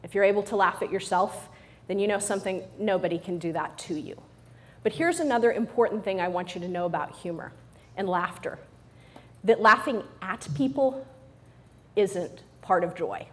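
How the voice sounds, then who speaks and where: A woman's voice: medium pitch, animated, normal speed. A middle-aged woman giving a humorous motivational talk to a live audience, playful and joking, often checking in with the crowd. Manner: playful and joking, with frequent "right?" asides to the audience. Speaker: motivational speaker.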